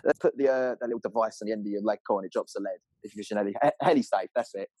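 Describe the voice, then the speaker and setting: A young man, an angler, telling a story in an animated, rambling way full of fillers, on a clip-on mic. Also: lowish voice, racing, no room sound. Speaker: angler guest. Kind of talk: excited storytelling.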